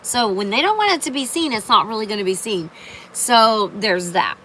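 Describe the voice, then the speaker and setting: Chatty woman with a bright voice. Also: mid-range voice, animated, moderate pace, slight background noise, poor audio. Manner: rambling, many fillers and restarts. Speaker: live streamer. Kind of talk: casual livestream talk.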